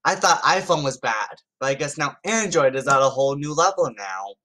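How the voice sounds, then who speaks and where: A man's voice: mid-range voice, animated, a little fast, few pauses, pushed and bright. A YouTuber chats loosely and with amusement as he reads out text messages. His commentary is casual and unscripted, and he often trips over words and starts his sentences again. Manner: chatty and amused, stumbling over words and restarting.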